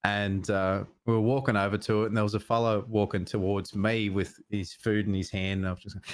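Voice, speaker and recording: A man's voice: fairly low pitch, steady tone, fast, hardly any pauses. A middle-aged Australian man, a podcast co-host, telling rambling stories in casual chat and swearing freely.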